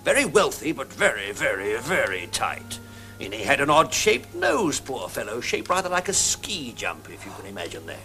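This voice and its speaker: An actor playing a witty, pompous Victorian novelist in a TV comedy special, speaking theatrically. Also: male voice, medium pitch, wildly swooping pitch, moderate pace, bright, forceful tone. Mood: amused. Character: witty, jovial Victorian novelist, middle-aged man. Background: music.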